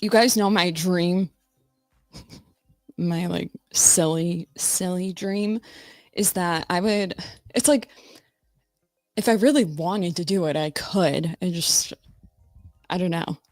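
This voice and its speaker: A woman's voice: on the low side, slow, long pauses, a little mellow, no room sound, faint music behind. A woman hosting a casual livestream, chatting loosely with viewers while she fiddles with her audio settings. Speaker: livestream host.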